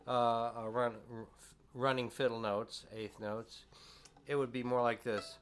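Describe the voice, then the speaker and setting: A man's voice: medium pitch, fairly even intonation, takes it slowly, clear, resonant tone. A man teaching fiddle at a music workshop, explaining tunes in a folksy, chatty way.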